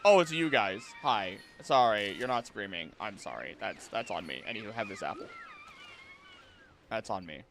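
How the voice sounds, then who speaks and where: A man's voice: on the low side, expressive, normal speed, vocal fry, a bit bright, slight background noise. A young man streaming a game live, chatting playfully with his viewers and the creatures on screen. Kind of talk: live gameplay commentary.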